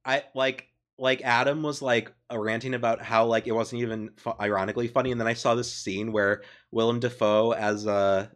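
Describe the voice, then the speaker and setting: A man chatting loosely with friends, quick to laugh and full of profanity. He keeps a steady, mid-range voice while he jumps between jokes and stories. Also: medium pitch. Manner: excitable, laughs often, swears freely. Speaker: podcast co-host. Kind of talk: casual chat.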